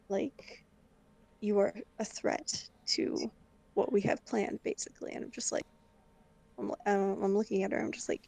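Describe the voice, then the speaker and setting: A woman's voice: mid-range voice, fairly even intonation, fairly quick, vocal fry, darkish tone. A woman playing a tabletop game, chattily recounting her character's dream. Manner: chatty, lots of "I'm like" quoting. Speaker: player.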